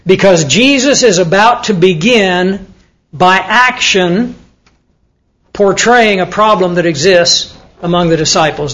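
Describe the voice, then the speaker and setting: A man with a high voice gives a Bible lesson to a class of students. He talks in an easy, conversational way and often puts questions to his listeners. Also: a bit bright, low-quality recording. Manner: conversational, asks the audience questions, with fillers. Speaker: Bible teacher.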